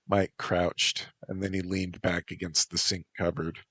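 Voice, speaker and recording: A man narrates his own story in a very deep, low voice. He reads slowly and deliberately, now and then stumbling and correcting himself. The recording is dry and close, with no room sound. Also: level tone, bright, forceful tone, slightly rough, no room sound. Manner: unpolished reading with occasional slips and self-corrections. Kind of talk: audiobook-style story reading.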